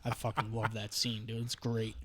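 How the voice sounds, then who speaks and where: A man's voice: lowish voice, moderate pace, dry recording. A young man hosting a podcast, chatting casually, swearing freely and packing his talk with "dude" and "like". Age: young adult. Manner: profane, excitable, says "dude" and "like" a lot. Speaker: podcast host. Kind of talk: casual chat.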